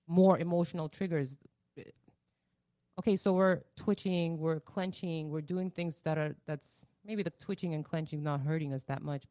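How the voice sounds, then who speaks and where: Low, mellow-voiced woman co-host. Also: no room sound. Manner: thoughtful, explains with many "like" fillers. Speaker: podcast co-host. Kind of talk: casual chat.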